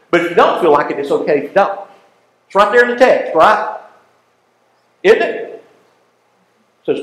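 A man teaching a Bible class in a folksy, animated way, often asking the class questions. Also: a little high, roomy sound, rough recording.

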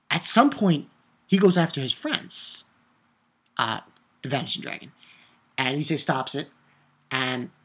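A man giving a casual video review of an anime episode, excitable and rambling, swearing and shouting out his own reactions. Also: a little high, breathy edge. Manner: rambling with restarts and filler.

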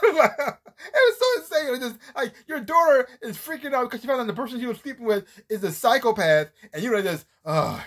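A man's voice: very high-pitched, big pitch swings, a little fast, fairly bright tone. A man giving a casual, rambling review of a TV series, often restarting his sentences and acting out scenes as he retells them. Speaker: TV show reviewer.

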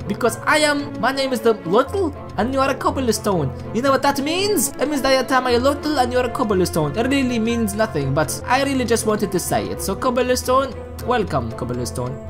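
A woman giving casual let's-play commentary at her computer, excitable and chatty, often chatting to objects in the game. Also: mid-range voice. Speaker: gaming channel host.

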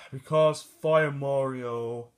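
Grumpy plush shark, slow and sighing, always fed up as a performer puts it on. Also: mid-range voice, fairly even intonation. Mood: grumbling. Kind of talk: plush toy puppet video.

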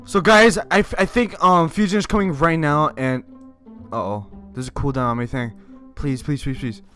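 A young man hosting a gaming video, commenting excitedly, laughing and yelling at what happens in the game. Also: on the high side, moderate pace, clear, resonant tone, soft background music.

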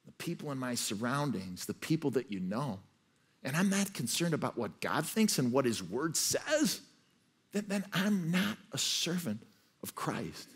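A man's voice: medium pitch, very animated, a little slow, husky. A man preaching a sermon as pastor. He tells his story earnestly and often repeats words as he restarts. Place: church stage.

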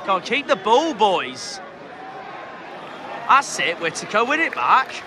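A man from southwest England, a football fan vlogger giving excitable live commentary from the stands, shouting at the players. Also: high voice, slow pace. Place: outdoor football stadium stands. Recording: loud crowd and stadium noise.

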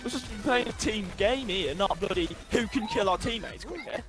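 A man's voice: sits high, music in the background. A man with a British accent grumbling and scolding his teammate during a team shooter game. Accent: British English. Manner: exasperated, scolding, quick to complain. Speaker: gamer teammate. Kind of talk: casual gaming banter.

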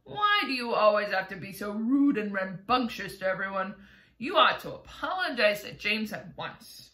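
A woman puts on a fussy earthworm, indignant and earnest. The bright voice rings in a roomy echo. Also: high voice, big pitch swings, unhurried, voice pushed up, exaggerated voice.

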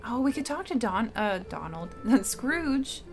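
A woman streamer commenting casually on her gameplay, thinking out loud with small hesitations. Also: a little high, big pitch swings, unhurried. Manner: thinking aloud, chatty with hesitations. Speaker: game streamer. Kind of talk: casual let's-play commentary. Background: faint game music.

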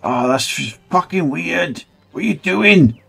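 A man's voice: on the high side, expressive, a little slow, gravelly, fairly bright tone, breathy edge. A man rambling and swearing through a let's play, mocking the game as he goes. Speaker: gaming channel host.

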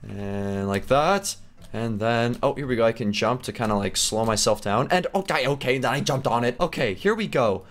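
An excitable young man narrates his game as he plays, his voice swinging widely in pitch as he yelps at close calls. He hosts a gaming channel, with a mid-range voice and a home-setup sound. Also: moderate pace. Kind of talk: playing a game with commentary.

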